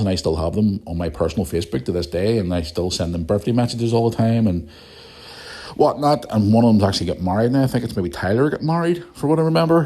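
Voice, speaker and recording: A man's voice: low voice, dark tone. A middle-aged man with a Northern Irish accent, hosting a casual solo podcast, chatty and blunt, swearing freely. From Northern Ireland. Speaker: podcast host.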